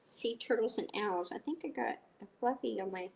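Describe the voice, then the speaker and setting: A woman's voice: fairly high pitch, normal speed, gravelly, darkish tone. A middle-aged woman with a stuffy nose, live streaming casually while cooking, chatting with viewers and telling rambling stories. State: stuffy, blowing her nose.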